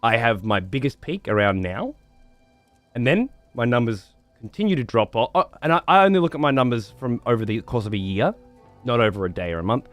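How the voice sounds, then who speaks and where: A man's voice: mid-range voice, animated, a little fast, fairly bright tone, no room sound, soft background music. A man livestreaming, chatting to viewers in a rambling, profane way and repeating words as he thinks. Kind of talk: casual chat to stream viewers.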